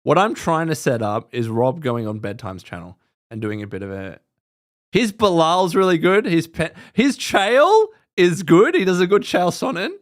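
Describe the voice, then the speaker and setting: Animated man chatting on a livestream. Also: a little high, moderate pace. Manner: animated, laughs often, trails off and restarts. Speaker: podcast host. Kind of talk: casual live-stream chat.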